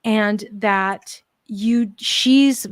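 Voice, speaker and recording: A woman giving a live pet mediumship reading, gentle and reassuring, with many fillers and restarts. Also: medium pitch, drawn-out words, no echo, clean studio sound. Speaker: tarot reader and pet medium.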